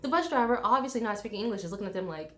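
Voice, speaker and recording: A woman's voice: mid-range voice, animated, racing, bright, forceful tone. A young woman from the United States, a travel vlogger, ranting bluntly and swearing freely, mocking people with put-on voices. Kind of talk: casual ranting vlog.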